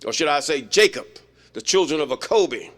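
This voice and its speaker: A man with a fairly high, forceful voice teaches an informal Bible study. He reads scripture aloud and then breaks off into loose, folksy commentary. His delivery is emphatic and conversational. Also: lively intonation, moderate pace.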